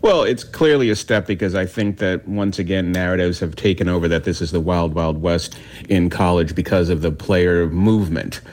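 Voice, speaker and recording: Animated low-voiced man talking sports. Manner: animated, opinionated, quick bursts. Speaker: sports commentator. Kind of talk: radio interview.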